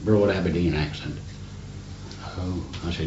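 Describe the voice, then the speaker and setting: An older man with a low voice and steady tone, a navy veteran, speaks at a moderate pace as he tells rambling stories in an oral history interview, often tossing in "you see". The roomy, dull archival tape carries a faint hiss.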